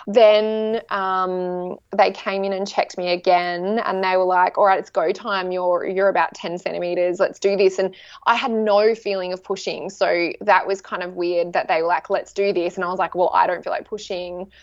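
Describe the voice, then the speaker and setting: A woman in her thirties chatting casually, telling a story with lively acted-out quotes. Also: lowish voice, moderate pace, dry recording. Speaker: guest sharing a birth story. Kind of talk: casual chat. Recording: dry, slightly dull sound.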